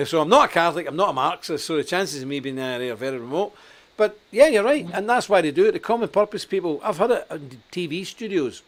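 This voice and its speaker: A man's voice: on the high side, very animated, fast. A man from Scotland hosting a live online talk show, speaking bluntly and emphatically and laughing at his own stories. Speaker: host.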